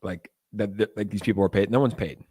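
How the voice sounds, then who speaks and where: A man's voice: lowish voice, brisk, darkish tone, slightly rough. A young man hosting a casual crypto livestream. He rambles loosely, with lots of fillers, and reads chat messages aloud.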